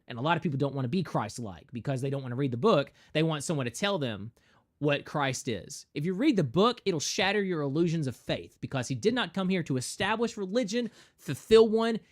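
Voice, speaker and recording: Animated man ranting on stream. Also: a little high, brisk. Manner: animated, emphatic, jumps into mocking voices. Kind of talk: casual preachy rant on a gaming stream.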